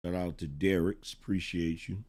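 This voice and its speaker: A middle-aged man with a lowish voice hosts a live-stream commentary show. He is blunt and emphatic, reads out viewer chat, and repeats his points for effect, swearing as he goes. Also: fairly even intonation, moderate pace, darkish tone.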